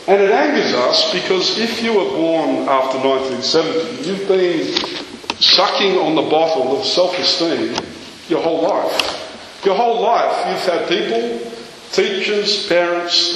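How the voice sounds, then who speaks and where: A man's voice: on the high side, a bit bright. A man preaching a sermon, earnest and full of rhetorical questions that build to emphatic peaks. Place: church. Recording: very echoey church hall, faint noise.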